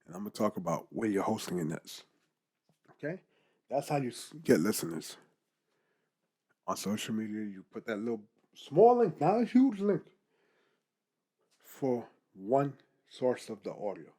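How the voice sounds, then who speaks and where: A young man, a podcaster, giving casual advice straight to the camera in a lively, animated way. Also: fairly low pitch, unhurried, pauses often, slightly rough. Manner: animated, talks straight to the viewer, keeps asking "guess what?".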